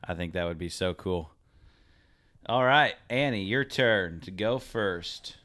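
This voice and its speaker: A man's voice: deep voice, animated, slow, fairly bright tone. Middle-aged man hosting a casual podcast. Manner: jokey, laughs often while asking questions. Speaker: podcast co-host. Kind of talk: casual chat.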